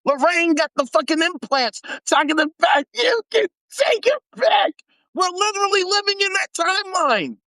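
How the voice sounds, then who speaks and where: A man from the United States hosting a live stream, talking in a casual, animated, heavily profane and slangy rant, often repeating himself for emphasis. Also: extremely high pitch, no room sound. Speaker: host.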